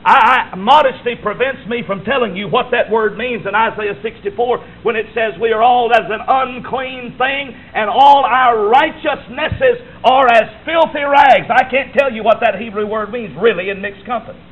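A man preaching a fervent sermon in a church, moving between hushed passages and shouted ones. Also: extremely high pitch, moderate pace, few pauses, rough recording. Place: church sanctuary.

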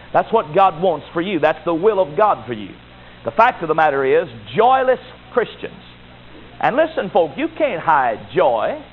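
A man preaching a sermon as a Baptist pastor, emphatic and repetitive, building to rising exhortations. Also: high voice. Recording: tinny phone-like recording with faint hiss.

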